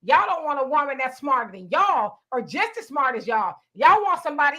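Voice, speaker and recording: A woman's voice: extremely high pitch, expressive, a little fast, few pauses, fairly bright tone. A woman hosting a casual online group chat, blunt and challenging, often cutting in to push back. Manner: blunt, challenging, talks over others. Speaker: host.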